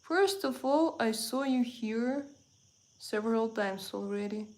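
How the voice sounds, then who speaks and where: Slow-talking woman live streamer, chatty. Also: on the high side, a little mellow, low-quality recording. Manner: chatty, teasing, addresses viewers directly. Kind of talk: casual live-stream chat.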